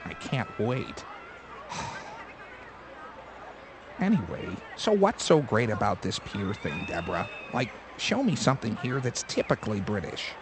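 A man's voice: lowish voice, sing-song, unhurried, background noise. A young man with an American accent acting a joking, always-hungry newlywed husband in a scripted learner dialogue. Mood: teasing. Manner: joking, wheedling. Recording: music playing behind.

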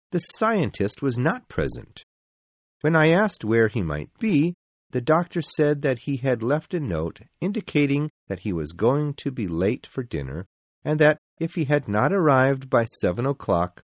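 A man narrating a story in the first person in a measured, expressive reading. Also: medium pitch, no room sound.

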